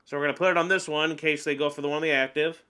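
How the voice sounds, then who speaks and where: A man giving casual, animated commentary while playing an online card game, ranting and laughing as he goes. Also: on the high side, rapid-fire, clean tone. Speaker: gameplay commentator.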